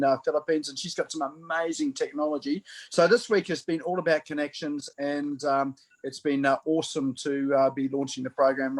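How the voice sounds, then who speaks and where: A man introducing himself casually over a video call, halting and full of fillers. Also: a little high. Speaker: meetup participant.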